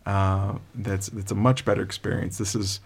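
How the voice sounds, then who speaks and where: A man's voice: flat delivery, moderate pace, creaky, breathy edge. A middle-aged man co-hosting a casual movie review podcast, talking with enthusiasm. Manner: enthusiastic, mimics others with high-pitched impressions. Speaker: podcast co-host.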